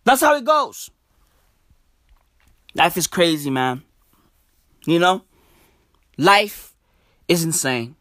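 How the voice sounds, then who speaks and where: A woman doing a profane, slang-filled comedic rant, repeating her catchphrases and slipping into soft mock-polite asides. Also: fairly low pitch, big pitch swings, slow, long pauses, dry recording, studio quality.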